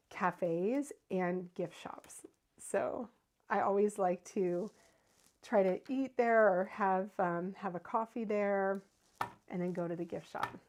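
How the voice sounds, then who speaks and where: A woman's voice: mid-range voice, darkish tone. A woman in her thirties hosting a card-making livestream, chatting casually and answering viewer comments as she works. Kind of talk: casual crafting demo with viewer chat.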